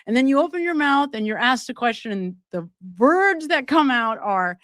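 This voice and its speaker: A woman hosts a true-crime commentary stream, pressing her points in a fairly high, slightly bright voice whose pitch swings widely with lively intonation. She talks a little fast with hardly any pauses, repeatedly turning to viewers with rhetorical questions. The recording is close and dry.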